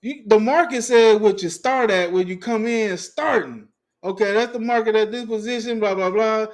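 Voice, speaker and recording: A man with a fairly high voice hosts a casual fan livestream, reading chat comments aloud. He rants in heavy slang and profanity, stumbles over his words and laughs often. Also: normal speed. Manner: profane, animated, laughs often, restarts a lot; heavy slang, talks straight to viewers. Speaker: sports fan livestream host.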